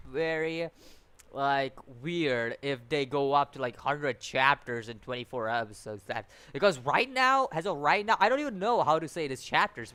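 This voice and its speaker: A man's voice: on the high side, fairly bright tone, clean tone, no echo. A man giving a casual, rambling review, often restarting his sentences and sounding exasperated. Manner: rambling, repeats words, many restarts and fillers; exasperated, complaining. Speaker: anime reviewer.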